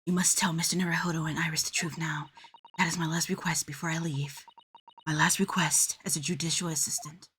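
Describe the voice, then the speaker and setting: A woman voicing a polite, earnest young female legal assistant in a low, soft, formal tone while reading game dialogue. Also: little pitch movement, fairly quick, breathy edge, full character voice. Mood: solemn.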